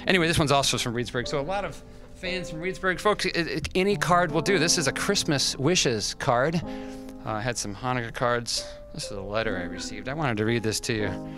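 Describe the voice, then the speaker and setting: A man's voice: mid-range voice, expressive. Rambling man hosting over background music. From US West Coast. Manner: rambling, halting, self-deprecating, with many fillers. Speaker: livestream host. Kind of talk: casual livestream hosting, reading fan mail. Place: restaurant.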